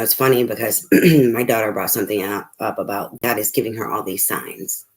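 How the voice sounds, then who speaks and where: A middle-aged man, a tarot reader, talking casually and candidly to his viewers, rambling with many fillers and restarts and the odd swear word. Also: on the low side. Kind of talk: casual personal talk to viewers.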